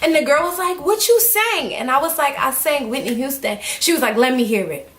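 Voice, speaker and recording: High-voiced young woman telling a story. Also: a little fast. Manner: animated, acts out quotes, laughs often. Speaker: vlogger. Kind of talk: casual storytelling. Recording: echoey room.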